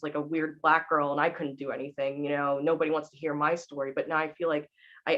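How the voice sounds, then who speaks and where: A woman's voice: sits low, a bit bright. Reflective woman, dull lo-fi sound. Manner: reflective and earnest. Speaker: voiceover actor. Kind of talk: panel discussion.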